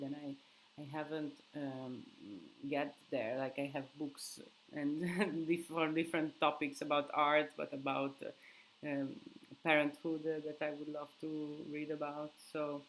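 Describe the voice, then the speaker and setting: A woman's voice: low-pitched, level tone, a little slow, a little hiss or hum, poor audio. A sleep-deprived young woman hosts a casual live Q&A. She answers viewer questions, thinking aloud and hunting for words.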